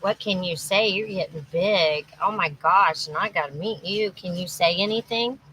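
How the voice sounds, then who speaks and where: A woman's voice: fairly low pitch, moderate pace, sharp tone, a little hiss or hum, low-quality recording. An exhausted, anxious woman rambling through a live-stream monologue, restarting her sentences as she goes. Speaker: livestreamer. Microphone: phone or webcam livestream.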